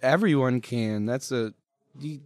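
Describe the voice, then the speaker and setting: A man's voice: mid-range voice, a little slow, darkish tone, dry recording. Laid-back young man, cussing and laughing. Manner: laid-back, swears often, laughs a lot; polite with a playful "yes, ma'am". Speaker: interview guest. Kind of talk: casual joking interview chat.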